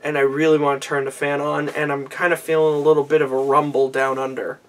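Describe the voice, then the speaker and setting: Tipsy young dude rambling, kinda high voice, restarting sentences, sounds a bit far from the mic. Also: male voice, little pitch movement, fast, a little hiss or hum. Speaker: vlogger recapping an anime. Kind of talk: rambling casual recap. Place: small warm room indoors.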